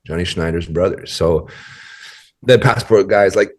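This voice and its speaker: A man's voice: low-pitched, measured pace. A man as a podcast guest, telling a story in a rambling, casual way full of fillers and restarts.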